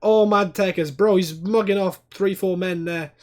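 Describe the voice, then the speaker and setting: A man hosting a football watchalong livestream, giving casual live commentary, chatting to viewers and bursting into loud, sweary outbursts. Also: sits high, normal speed. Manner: excitable, swears a lot, erupts in loud outbursts at fouls; chats to viewers by name, reads chat aloud.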